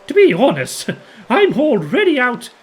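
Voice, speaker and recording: A man does a timid bird villager in a storybook game. He sits high and breathy, with his voice jumping about. He trails off as if he is always short of breath. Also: wildly swooping pitch, unhurried, a little hiss or hum, exaggerated voice. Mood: nervous. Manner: nervous, rambling, forgetful.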